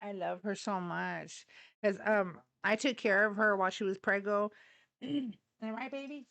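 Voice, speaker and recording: A woman's voice: mid-range voice, flat delivery, unhurried, gravelly, a bit bright. A middle-aged woman hosting a live political talk stream, blunt, profane and fired up. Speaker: livestream host.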